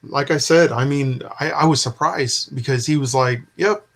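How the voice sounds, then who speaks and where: A man in casual conversation, telling an animated story and acting out the dialogue. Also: medium pitch, normal speed. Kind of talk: casual chat.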